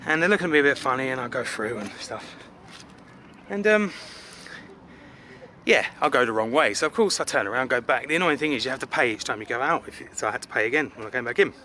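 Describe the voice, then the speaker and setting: A chatty man from England talks into his camera outdoors in a city, rambling and poking fun at himself with plenty of fillers. His voice is bright and a little tense. A faint hum of urban noise sits behind him. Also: medium pitch, animated, fast. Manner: chatty, rambling, self-deprecating with filler words. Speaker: travel vlogger. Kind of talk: casual rambling travel vlog.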